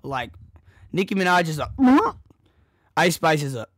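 A young man streaming a casual reaction chat, crude and excitable, jumping between loud outbursts and low mutters into a desk mic. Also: a little slow, dry recording, studio quality. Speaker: streamer reacting to a music video.

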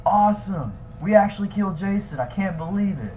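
A young man voicing his own character in a fan-made game drama, excitable and swinging between shouting and nervous mumbling. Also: high voice, brisk, low-quality recording. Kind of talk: improvised fan machinima dialogue.

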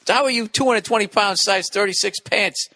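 A middle-aged man hosting a comedy podcast, swearing and exasperated as he reads listener letters. His voice is bright and forceful, and it sits close and dry on the mic with no room sound. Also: high voice, normal speed, no echo. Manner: profane, exasperated ranting.

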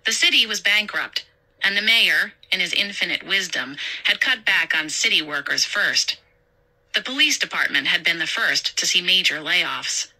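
A woman narrating a horror story in a steady, measured way. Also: lowish voice, rough recording.

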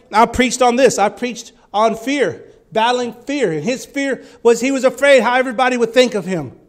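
Man, preacher, high voice, fervent sermon, bursts of loud exclamation.

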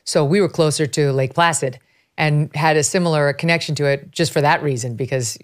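A woman in her fifties hosting a casual political talk show. Her voice sits low, and she tells stories with animated, emphatic energy. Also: a little fast. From upstate New York. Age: 50s. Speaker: host.

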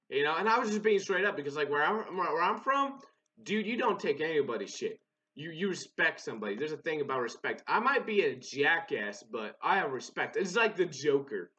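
Young man, gaming commentary, rambling, profane, restarts a lot, somewhat high, bright forceful voice, dull lo-fi mic. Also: sing-song, a little fast. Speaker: gaming channel host. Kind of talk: casual gameplay commentary.

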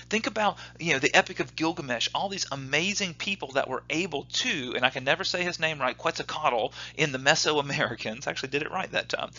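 A man teaching a church Bible class, lively and questioning, reading scripture aloud. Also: fairly high pitch. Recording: dull lo-fi recording.

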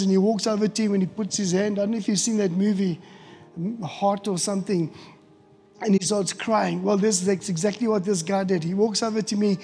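A middle-aged man, preaching a storytelling sermon in an animated way, acting out quotes and often restarting words. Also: high voice, fairly quick. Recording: hall reverb with faint music.

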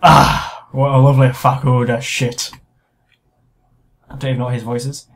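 A man's voice: medium pitch, level tone, normal speed, vocal fry. A man hosting a let's play, joking crudely and swearing as he plays. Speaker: gaming video host.

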